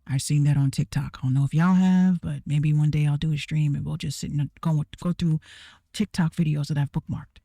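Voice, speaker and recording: A woman's voice: deep voice, steady tone, a little fast, gravelly, warm tone, no echo, studio quality. A woman ranting bluntly and heatedly to her viewers, swearing a lot and repeating herself for emphasis. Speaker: online creator ranting to viewers. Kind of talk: profane rant to camera.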